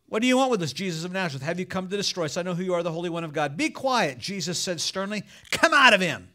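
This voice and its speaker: A man with a high voice preaches a sermon to his congregation. He reads scripture and builds in fervor as he goes. Now and then he slips into acted voices for the people in the story. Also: very fast, a bit bright. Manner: preaching with rising fervor, acting out quoted voices. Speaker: pastor.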